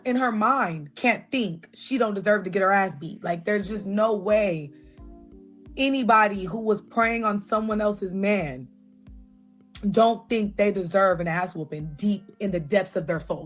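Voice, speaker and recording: A young woman telling a personal story in a casual, blunt and profane way, with lively asides to her viewers. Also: mid-range voice, moderate pace, soft background music.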